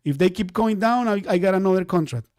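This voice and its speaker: Give me an excitable man with a high voice, recorded dry and close, teaching trading and repeating himself. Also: fast talker, smooth, no echo. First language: Spanish. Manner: excitable, repeats phrases over and over. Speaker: trading instructor. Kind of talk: live trading lesson.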